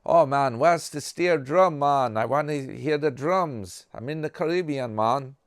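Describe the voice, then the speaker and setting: A man's voice: fairly high pitch, unhurried, no room sound, studio quality, pitched above the performer's own voice. A man putting on a laid-back mock Jamaican voice who ends his lines with "man". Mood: easygoing.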